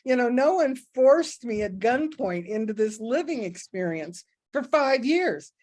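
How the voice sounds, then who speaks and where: A woman's voice: on the high side, animated, a little slow, darkish tone. A middle-aged woman giving a casual spiritual talk, candid and self-mocking, telling stories from her own life and laughing often. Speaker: spiritual teacher.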